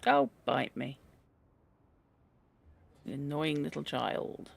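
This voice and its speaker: This one has a medium-pitched, sing-song voice, slow, creaky and husky. While playing, the streamer chats and rambles about word origins and how characters look, reads from a dictionary and exclaims at a cat, all as let's-play commentary.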